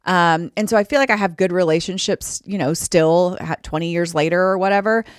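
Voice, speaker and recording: A woman's voice: on the low side, brisk, smooth, no room sound, studio quality. A woman co-hosting a podcast, chatting casually and telling stories about her work in sports broadcasting. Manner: chatty storyteller, animated when quoting. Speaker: podcast co-host. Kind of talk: casual chat.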